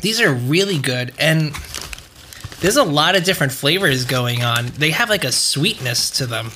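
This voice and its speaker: This young podcast host has a fairly high, bright, pushed voice with lively intonation at normal speed, and there's a slight hiss or hum. He chats casually and rambles, swearing plenty.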